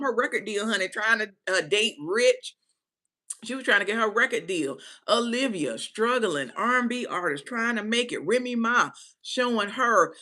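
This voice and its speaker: Host, female, AAVE speaker, bright tone, chatty live-stream commentary. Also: medium pitch. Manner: chatty, animated, slangy with "baby" and "right?".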